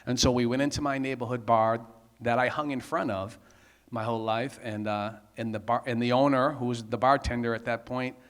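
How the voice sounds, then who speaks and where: A man's voice: mid-range voice, steady tone, fairly quick, big-room sound. A middle-aged man, giving a candid personal testimony at a men's conference, talking conversationally with frequent asides. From Massachusetts.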